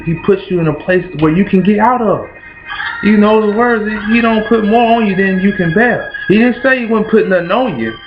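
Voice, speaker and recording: High-voiced Kentucky preacher over music. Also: male voice. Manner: rhythmic, repetitive call-and-response cadence. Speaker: host. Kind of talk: motivational preaching. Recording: dull lo-fi with music behind. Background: background music.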